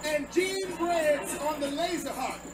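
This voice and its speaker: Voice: high voice, slow, over a noisy crowd. A sketch comedy performer playing a bickering band member. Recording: roomy, distant, with loud music.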